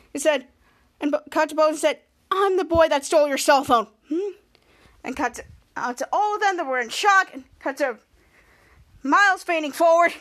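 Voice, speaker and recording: High bright-voiced woman recapping a show. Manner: retells scene by scene with repeated "cut to", acts out lines. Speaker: podcast host. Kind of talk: casual episode recap.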